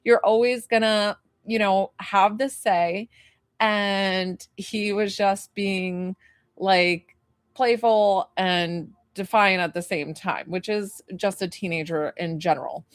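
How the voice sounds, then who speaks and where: A woman working as a psychic medium, giving a live reading to a client. She talks in a rambling, tentative way, full of "like" and questions, and turns gently reassuring when she passes on comfort. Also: medium pitch, fairly even intonation, takes it slowly, no echo, studio quality.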